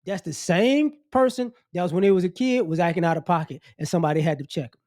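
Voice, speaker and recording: A man with a high-pitched voice delivering a blunt, scolding opinion rant. He talks straight at his listeners and mocks the people he criticizes. He often circles back and repeats his points for emphasis. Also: fast, a little mellow, no room sound, clean studio sound. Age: adult. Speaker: commentary channel host.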